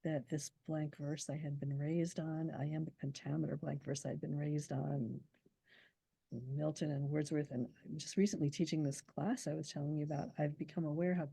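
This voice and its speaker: Mellow-voiced woman poet, animated and dry. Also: sits low, creaky, breathy edge, dry recording. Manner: animated, fast when excited, laughs while explaining. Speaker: poet, interview guest. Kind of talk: casual interview talk.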